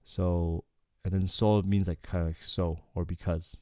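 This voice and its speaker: A Korean language teacher with a low, mellow, smooth and clear voice uses a song's lyrics as a casual lesson, speaking a little slowly. He is relaxed and explanatory, often saying "okay" and "like" and checking in with learners. The recording is close and dry.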